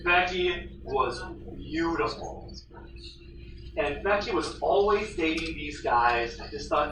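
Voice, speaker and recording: A man's voice: a little high, slow pace, echoey room, recorded from a distance, background noise. A male history teacher lecturing his class, telling stories and acting out the voices he quotes. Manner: animated storyteller, acts out quoted voices. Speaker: high school history teacher.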